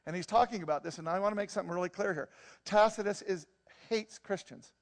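A man preaching a sermon in an animated, joking, conversational way. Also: high-pitched, fast. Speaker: pastor. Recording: long hall reverb.

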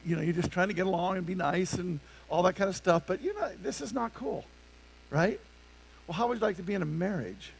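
A man's voice: fairly high pitch, creaky, slight background noise, low-quality recording. A male pastor preaching a conversational sermon to his congregation, often stopping to ask them rhetorical questions. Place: church sanctuary with a congregation.

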